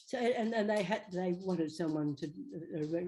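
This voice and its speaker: An older woman, an actress guest telling chatty, animated stories in an interview. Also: on the low side, normal speed. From Australia. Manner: chatty, animated, slips into quoted voices. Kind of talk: anecdotal storytelling.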